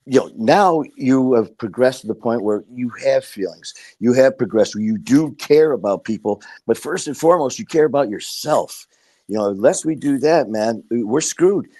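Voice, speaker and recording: A man's voice: medium pitch, warm tone, dry recording. A middle-aged man from Detroit, a podcast guest telling his story with blunt, emphatic, profane candor. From Detroit, USA. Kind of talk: candid podcast conversation.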